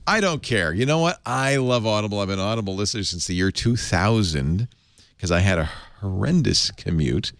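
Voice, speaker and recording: Male show host, deep and lively voice, close dry mic, loose enthusiastic ad read. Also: brisk, no room sound. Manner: enthusiastic, chatty, rambling. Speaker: podcast host. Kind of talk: live ad read on a tech talk show.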